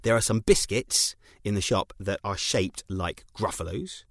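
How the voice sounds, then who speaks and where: A man's voice: on the low side, expressive, unhurried, creaky, breathy edge, no room sound, clean studio sound. A British man co-hosting a dads' podcast, explaining things in an enthusiastic, casual way. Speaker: podcast co-host. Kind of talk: casual chat.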